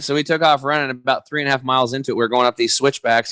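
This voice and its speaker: Speaking very fast with few pauses, this medium-pitched man is a health coach in his forties guesting on a podcast. There's no room sound; the casual interview chat finds him slangy and energetic, acting out quotes as he spins stories.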